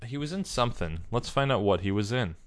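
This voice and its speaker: A young man co-hosting a casual chat, joking, opinionated and quick to tease. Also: medium pitch, lively intonation, smooth. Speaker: podcast co-host.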